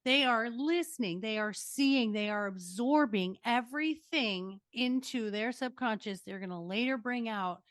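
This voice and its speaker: A woman's voice: on the high side, a little slow, few pauses, no room sound, clean studio sound. An older woman hosting a podcast interview, giving earnest, emphatic parenting advice. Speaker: podcast host. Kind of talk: casual interview chat.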